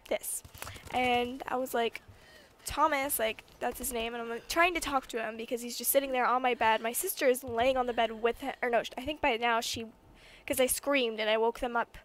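A young woman with a high voice tells a story to her camera from her bedroom. She talks casually, full of filler words, and gets excited and emphatic at the big moments. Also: moderate pace. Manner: chatty, lots of fillers, rising to excited emphasis. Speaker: vlogger.

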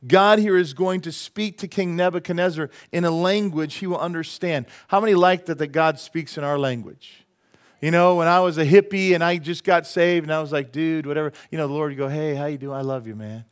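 A middle-aged male pastor preaching a sermon in a casual, folksy way, with quick asides to the congregation. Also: a little high. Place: church sanctuary.

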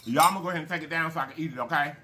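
A man's voice: on the high side, racing, background noise. A man hosting a casual eating show, folksy and chatty, calling viewers y'all and baby and humming over his food. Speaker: mukbang channel host.

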